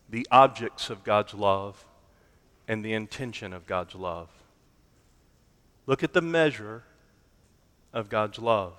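Slow, emphatic preacher in a reverberant hall. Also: male voice, medium pitch, fairly bright tone, clear, resonant tone. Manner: deliberate, emphatic preaching with dramatic slowdowns. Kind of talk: sermon.

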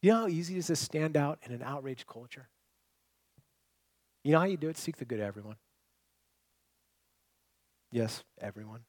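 A man preaching a sermon, earnest and conversational, rising to loud emphasis and dropping to near-quiet. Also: fairly high pitch, expressive, moderate pace, long pauses, no echo. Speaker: pastor.

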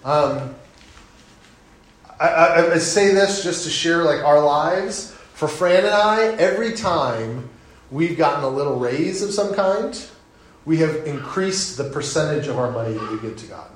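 A middle-aged man preaches in an earnest, conversational way, leaning in to encourage his congregation. His voice sits a little high for a man. The church sanctuary adds a heavy echo. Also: expressive, a little slow. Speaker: pastor. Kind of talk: sermon. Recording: very echoey sanctuary.

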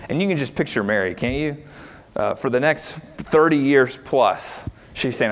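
Man, pastor, conversational sermon, rhetorical questions, mid-pitched voice. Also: normal speed.

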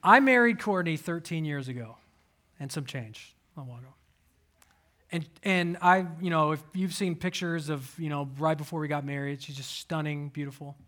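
A man in his thirties preaching a sermon, telling personal stories with animated swings and sudden soft asides. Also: fairly high pitch, normal speed. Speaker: pastor.

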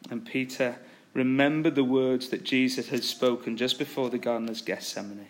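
A man preaching a sermon, retelling a story with animated, acted-out quotes. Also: mid-range voice, normal speed, a little hiss or hum.

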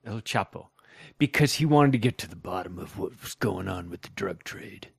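Deadpan man, dry close sound. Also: low voice, normal speed, vocal fry, husky, no room sound. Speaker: podcast co-host. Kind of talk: casual comedic banter.

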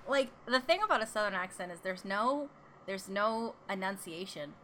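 Woman, young adult, bright tone, chatty casual talk with easy laughs. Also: medium pitch, lively intonation, normal speed, a little hiss or hum. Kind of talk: casual chat.

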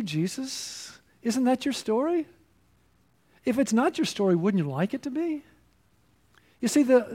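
A man's voice: high voice, darkish tone. A man preaching a sermon as a pastor, earnest and full of rhetorical questions to his listeners.

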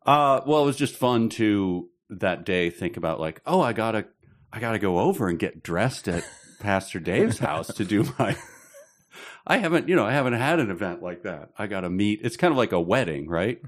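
Deep-voiced dry-humored male podcast co-host. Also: big pitch swings, moderate pace. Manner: dry, wry self-mocking humor. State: slight head cold. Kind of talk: casual chat.

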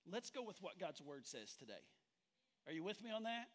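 High-voiced man preaching with humor. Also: very animated, fairly quick, a bit bright. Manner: conversational, engages the congregation with questions and humor. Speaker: pastor. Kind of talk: sermon.

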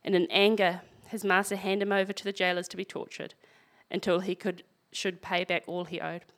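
A woman's voice: on the low side, level tone, brisk, fairly bright tone. A woman preaching a sermon, reading scripture aloud and breaking in with wry, conversational asides.

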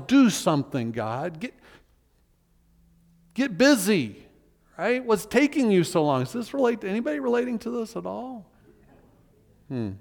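A man delivers a sermon in a relaxed, talk-to-the-pews manner, easing his pace whenever he reads scripture aloud. His voice sits a little high for a man. The sound carries the long tail of a large church hall. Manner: conversational preaching, reads scripture aloud slowly. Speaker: pastor.

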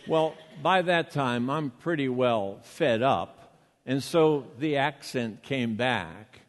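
A man's voice: mid-range voice, expressive, slow pace, long reverb tail. An older man with a Boston accent, a pastor preaching a sermon in a conversational storytelling way, with rhetorical questions.

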